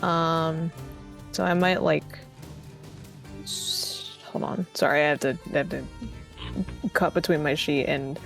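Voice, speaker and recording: A woman's voice: sits low, fairly even intonation, slow, creaky, pauses often, soft background music. A woman playing in a tabletop game, chatting casually, scattered and thinking aloud. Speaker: player.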